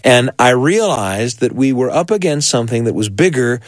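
A man's voice: medium pitch, expressive, normal speed, no room sound, clean studio sound. A man hosting a program, introducing a story and then narrating a reflective memory of his own. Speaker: radio host. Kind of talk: scripted narration.

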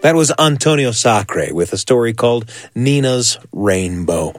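A male host introducing a story, then calmly recalling a childhood memory. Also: medium pitch, unhurried, no echo, clean studio sound, faint music behind. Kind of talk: reflective scripted narration.

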